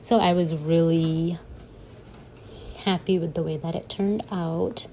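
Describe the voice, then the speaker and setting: A young woman talks casually over her journaling footage, chatty and quick to laugh at herself. Her voice sits a little low with a gravelly, fry-tinged edge. A faint hiss runs under the recording. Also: steady tone, warm tone, poor audio. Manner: chatty and giggly, self-mocking asides. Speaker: bullet journal vlogger.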